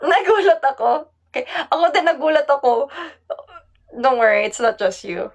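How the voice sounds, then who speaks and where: Woman, Filipino accent, high voice, giggly, chatty live-stream talk. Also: expressive, normal speed. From Philippines. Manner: chatty, giggly, mixing Tagalog and English. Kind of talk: casual live-stream chat reading comments.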